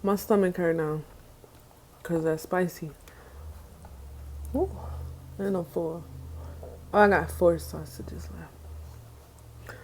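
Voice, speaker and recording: Slow-talking, low-voiced woman eating on camera. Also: a little hiss or hum. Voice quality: relaxed, chatty, slangy. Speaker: mukbang vlogger. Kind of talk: casual eating chat to camera. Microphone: mic clipped near her.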